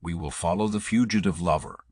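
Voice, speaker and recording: A man's voice: low-pitched, a little fast, no echo, studio quality. A man reading the lines of a hearty, cheerful older blacksmith in a storybook poem, reassuring in tone. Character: hearty older male blacksmith turned herdsman.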